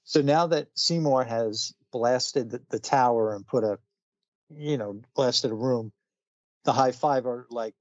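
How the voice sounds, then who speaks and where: A man's voice: medium pitch, a little slow, no room sound, muffled recording. A man casually retelling a comic book story on a podcast, chatty, with many fillers and frequent laughs. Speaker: podcast co-host.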